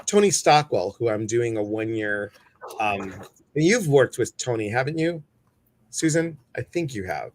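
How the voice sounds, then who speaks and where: A man's voice: medium pitch, lively intonation, unhurried, a little hiss or hum. A man hosting a live stream, chatting casually, greeting viewers and reading their comments, with many fillers. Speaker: host.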